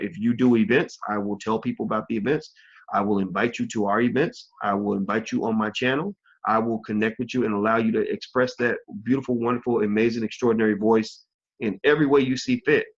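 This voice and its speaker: A man hosting an online interview show, talking in a halting way with many fillers and restarts. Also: mid-range voice, slightly rough, dull audio. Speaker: host.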